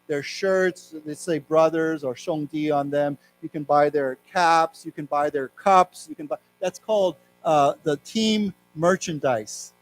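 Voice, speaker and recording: A middle-aged man with an American accent teaching an English lesson, explaining words and reading news aloud slowly. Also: a little high, soft background music, poor audio. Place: library lecture room.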